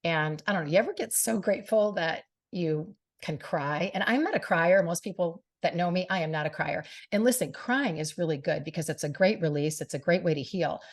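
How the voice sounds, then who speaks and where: A woman's voice: on the low side, a little fast, hardly any pauses. A middle-aged woman hosting a radio show and podcast, speaking earnestly and from the heart to her listeners, often saying "you know". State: briefly tearful. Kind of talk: personal monologue to listeners.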